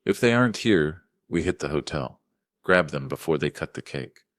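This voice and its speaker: A menacing hired thug with a deep, gravelly voice and an Eastern European accent, cold and matter-of-fact, as a storyteller puts him on. Every word lands very low and flat in a dry, close sound. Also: male voice, normal speed, dry recording. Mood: ordering.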